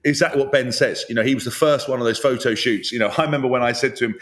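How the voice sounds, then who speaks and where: A man's voice: medium pitch, racing, a bit bright, a little hiss or hum. A man co-hosting a rugby podcast, chatting candidly and reflectively about his playing days. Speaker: podcast co-host, former rugby player. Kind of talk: casual chat.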